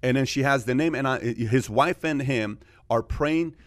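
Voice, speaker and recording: A man hosting a podcast in a casual, animated way. He tells stories and acts out the people in them, with plenty of fillers. His voice sits at a middle pitch and sounds dry and close to the mic. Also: normal speed, no room sound. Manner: animated storyteller, acts out quoted exchanges, frequent fillers. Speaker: podcast host.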